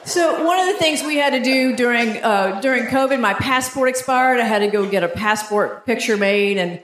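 A woman's voice: a little high, moderate pace. A woman in her fifties with a Southern US accent, telling self-mocking stories on stage as a stand-up comedian. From Georgia, US. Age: 50s. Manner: animated storytelling, self-mocking. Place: theater stage before a live audience. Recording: echoey theater with audience noise.

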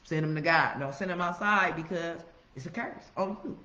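A woman giving a casual, profane motivational monologue, preaching with loud emphatic outbursts. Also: on the low side, moderate pace. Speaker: motivational vlogger. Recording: roomy, slightly muffled recording.

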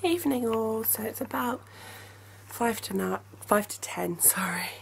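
Chatty woman with a gravelly voice. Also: fairly high pitch, lively intonation, measured pace, a little hiss or hum. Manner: chatty and apologetic, laughing often. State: has a headache. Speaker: family vlogger. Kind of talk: casual vlog chat. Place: home, indoors.

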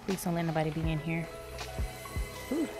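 A woman streaming a shooter game, reacting with loud cries to the Lord and rapid repeated words. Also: low voice, loud music behind the voice. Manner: excitable, exclaims to the Lord and Jesus, repeats words fast. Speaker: gaming channel host. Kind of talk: live gameplay commentary.

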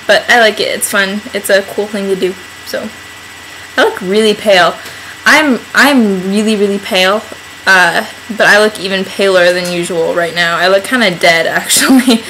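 A woman's voice: mid-range voice, sharp tone, a little hiss or hum, low-quality recording. A young woman vlogging to camera at home in a rambling, chatty way, filling her talk with "like". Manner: rambling, chatty, heavy use of "like". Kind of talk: casual vlog chat to camera.

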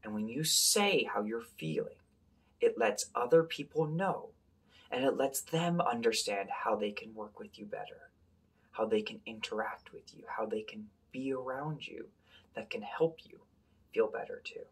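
A man reading a picture book aloud to children as their teacher and leading a calming breathing exercise. He is gentle and encouraging, often dropping to a soft whisper. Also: mid-range voice, unhurried, husky.

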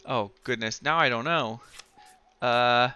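A man giving excited, giggly let's play commentary while thinking aloud through a puzzle game. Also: medium pitch, slow pace, clear, resonant tone, highs cut off. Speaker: gamer playing a video game.

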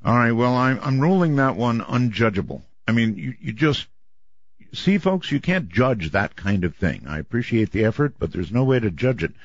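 A man hosting a call-in radio show, brisk and moving callers along. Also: medium pitch, very animated, no room sound. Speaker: radio talk show host. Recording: dull lo-fi stream audio.

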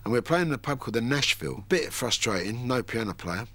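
A musician being interviewed, talking in a cheeky, blunt way and swearing freely. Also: male voice, mid-range voice, lively intonation, fast talker, fairly bright tone, dry recording. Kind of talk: reflective interview talk. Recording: music playing underneath.

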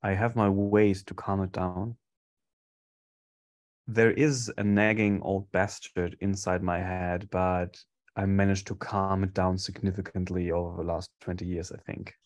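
A man in a casual group discussion, speaking in a measured way with halting repeats. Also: sits low, level tone, a little mellow. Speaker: seminar participant.

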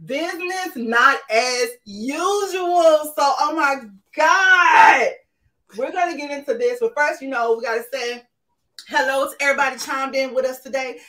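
A woman hosting a casual livestream chat, loud and exuberant, greeting viewers with laughter over a video call. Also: sits high, moderate pace, distant mic, poor audio. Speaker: host.

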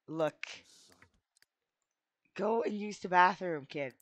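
A let's play host gives casual, excitable gameplay commentary full of goofy mild exclamations and bursts of squealing shouts. Their voice is medium-pitched and slow, with frequent pauses.

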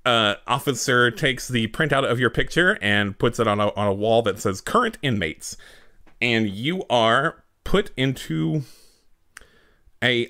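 A man's voice: medium pitch, pushed and bright, dry recording, clean studio sound. A man narrating as game master in a tabletop role-play, with many fillers and restarts. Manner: hesitant, filler-heavy narration.

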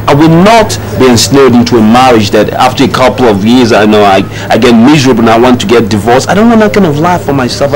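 A man's voice: mid-range voice, natural voice. An actor playing a cold, dismissive young man who lectures his fiancee in a condescending way. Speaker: young man ending an engagement. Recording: noisy film soundtrack.

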